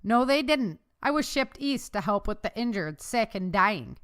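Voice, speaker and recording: A woman voices an older male doctor with a German accent in an audiobook. He is friendly and reassuring, and the voice is smooth and clear. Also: medium pitch, animated, moderate pace, a bit bright, close to an everyday voice.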